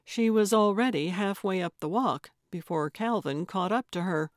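A woman narrating a cozy mystery audiobook in a measured, unhurried reading. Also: medium pitch, no echo, clean studio sound. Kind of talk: scripted narration.

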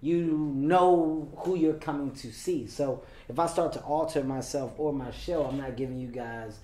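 A man's voice: medium pitch, moderate pace, darkish tone. A man with an American accent, a comedian being interviewed, who answers confidently and laughs easily. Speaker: comedian guest. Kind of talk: promotional interview. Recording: echoey room with faint noise.

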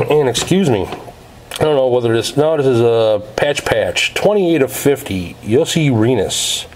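A man's voice: mid-range voice, animated, a little slow, darkish tone, a little hiss or hum, rough recording. A man casually narrating as he opens packs of trading cards, reading out each card's details in a methodical way. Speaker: card break host.

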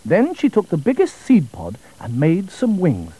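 A man narrating a children's storybook in an expressive, melodic way. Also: high-pitched, unhurried, slightly rough, low-quality recording.

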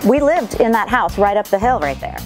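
A woman's voice: medium pitch, big pitch swings, over music. A woman speaking wistfully about her late husband in an interview. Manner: slow, wistful. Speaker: comedian's widow. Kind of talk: interview reminiscence.

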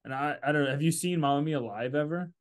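A man's voice: fairly high pitch, fast talker. A young American man hosting a podcast, rambling easily in casual chat and laughing along. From United States. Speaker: podcast host.

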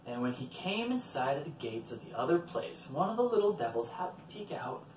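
A man reading a folktale aloud in an expressive storytelling manner. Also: on the high side, fairly quick, slight background noise. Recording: roomy, from a distant mic.

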